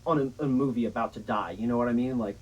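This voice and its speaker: A young man casually telling a long, profane story in a rambling, animated way. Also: medium pitch, fast, highs cut off. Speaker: storyteller guest.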